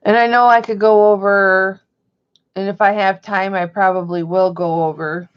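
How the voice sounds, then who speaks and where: A woman's voice: medium pitch, flat delivery, normal speed, clear, resonant tone, highs cut off. A woman vlogging from home in a rambling, chatty way. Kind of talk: casual chat.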